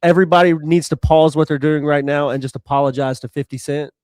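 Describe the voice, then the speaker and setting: A man co-hosting a podcast, adding relaxed, chatty asides in casual conversation. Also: a little high, quick pace, smooth, no room sound, studio quality. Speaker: podcast co-host. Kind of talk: casual chat.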